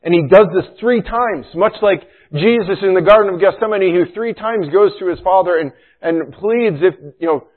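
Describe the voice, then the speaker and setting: A middle-aged man preaches a sermon in a loose, conversational way, tossing in "you know" and "right?" as he goes. His voice sits a bit high for a man. The sound is thin and narrow, as if heard over a phone line. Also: normal speed, few pauses. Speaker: pastor.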